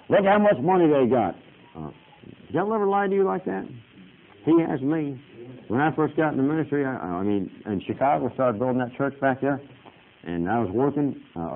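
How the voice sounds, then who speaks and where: Folksy man preaching over tinny radio. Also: mid-range voice. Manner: conversational, storytelling, punctuated with "amen". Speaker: Baptist preacher. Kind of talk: folksy sermon. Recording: tinny phone-like radio broadcast.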